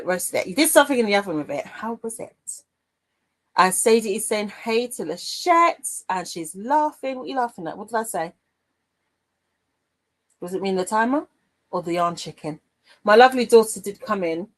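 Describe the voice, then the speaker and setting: Heard on poor audio, this fairly low-pitched middle-aged woman runs a craft livestream. She chats casually and reads out comments from viewers, staying playful and warm with them, often trailing off into laughter.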